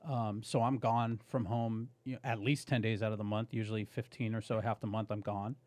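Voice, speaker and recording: A man guest on a podcast, telling a story in a casual, animated way, swearing and saying "dude" often. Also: on the low side, a little fast, no echo.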